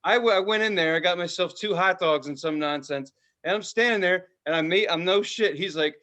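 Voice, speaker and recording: A man co-hosting a casual podcast, telling a lively story and swearing freely. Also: high voice, normal speed. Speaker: podcast co-host. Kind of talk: casual chat.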